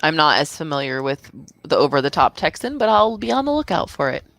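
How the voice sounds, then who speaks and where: A woman from California, guest co-host on a casual film commentary, chatty and quick to agree. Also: sits low, sing-song, creaky, a bit bright, a little hiss or hum.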